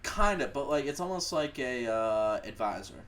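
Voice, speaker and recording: Swearing, animated young man telling a story. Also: medium pitch, normal speed. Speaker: podcast co-host. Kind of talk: casual storytelling chat.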